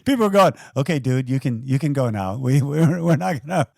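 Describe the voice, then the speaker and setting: Man, podcast host, medium pitch, encouraging, dry recording. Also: animated, fairly quick, vocal fry, darkish tone, no echo. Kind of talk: interview.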